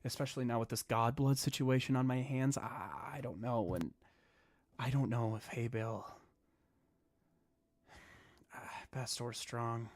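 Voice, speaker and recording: A man narrating as dungeon master, often dropping into a hushed, slow-building delivery. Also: mid-range voice, steady tone. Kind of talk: narrating a tabletop game.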